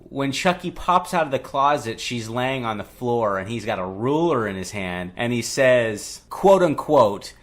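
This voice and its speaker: A man's voice: medium pitch, pushed and bright. A man co-hosting a casual podcast, recapping movie scenes and laughing often. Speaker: podcast co-host. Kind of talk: casual chat.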